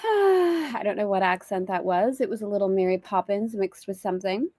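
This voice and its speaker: A woman's voice: medium pitch, expressive, moderate pace, darkish tone, no room sound, studio quality. Chatty woman teaching from a boat. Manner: chatty, reflective, laughs easily. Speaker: spiritual course teacher. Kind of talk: casual livestream teaching. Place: on a boat at anchor in a bay. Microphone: external mic on a live video stream.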